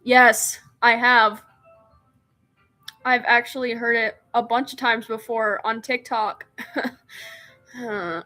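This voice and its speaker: A woman's voice: fairly high pitch, fairly even intonation, takes it slowly, pauses often, pushed and bright, soft background music. A woman streamer reading a visual novel aloud, narrating in first person and breaking off into giggly, self-mocking asides.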